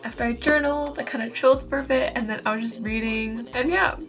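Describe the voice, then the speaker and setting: A woman's voice: on the high side, fairly even intonation, fast. A woman in her twenties talking casually and reflectively in a vlog, with many fillers like "like". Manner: soft-spoken, reflective, with frequent fillers like "like". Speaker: vlogger. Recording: faint music underneath.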